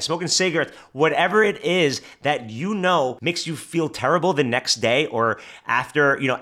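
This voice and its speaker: A man's voice: a little high, a bit bright. A man hosting a motivational podcast, talking straight to the listener and repeating phrases for emphasis. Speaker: podcast host.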